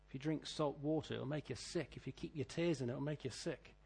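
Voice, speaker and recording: A middle-aged British man preaching a sermon, reading scripture and telling stories, swinging between loud declaiming and quiet asides. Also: mid-range voice, fairly quick, creaky, slightly rough. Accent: British English. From Britain.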